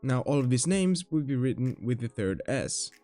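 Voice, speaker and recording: A man's voice: mid-range voice, very animated, moderate pace, warm tone, faint music behind. A man giving a playful, jokey video lesson on his alphabet, swearing now and then. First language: Greek. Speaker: language teacher.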